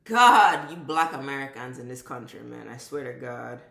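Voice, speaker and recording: A woman's voice: a bass voice, animated, moderate pace, creaky, fairly bright tone, echoey room. A woman vlogger delivering an impassioned, profane commentary rant, driving her points home with emphatic repetition.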